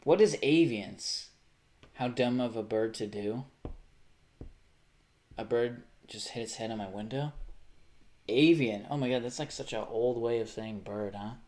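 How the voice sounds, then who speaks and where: A livestreamer with a middling-pitched, slightly mellow voice talks in an easy, offhand way, reacting on the fly to pictures and viewer messages. He swears freely, breaks into laughter, and often stops and restarts sentences, speaking a little slowly with long pauses.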